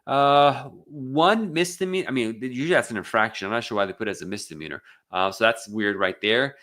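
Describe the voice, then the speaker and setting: A man from the United States, an immigration attorney, runs a casual live Q&A and answers viewer questions with lots of fillers and false starts. He speaks briskly at a medium pitch, his voice a bit bright.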